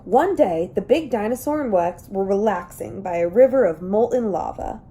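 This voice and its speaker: A woman's voice: medium pitch, lively intonation, normal speed, hardly any pauses, warm tone. A woman reading a children's picture book aloud, telling the story expressively and acting out the characters. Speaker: reader.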